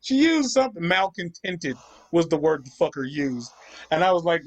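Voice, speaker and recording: A man's voice: fairly high pitch, big pitch swings, moderate pace. A young man hosting a gaming channel, ranting profanely in casual chat while he plays. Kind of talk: casual chat over gameplay.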